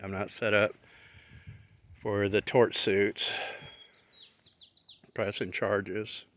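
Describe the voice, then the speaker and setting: A man's voice: on the low side, little pitch movement, extremely slow, a bit bright, slight background noise. A middle-aged man rambling in a casual vlog while out walking his dog, opinionated and plain-spoken. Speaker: vlogger.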